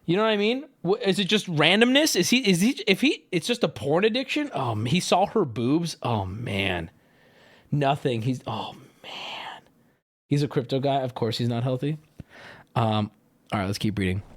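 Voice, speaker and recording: A man giving casual livestream commentary for his chat, sarcastic and animated, now and then breaking into mock shouting. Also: on the high side, normal speed, no room sound. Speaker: streamer reacting to messages for chat.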